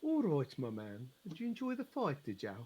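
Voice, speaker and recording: Man playing a rough scheming con man. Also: on the high side, expressive, normal speed, darkish tone. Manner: blunt, rough-edged, chummy.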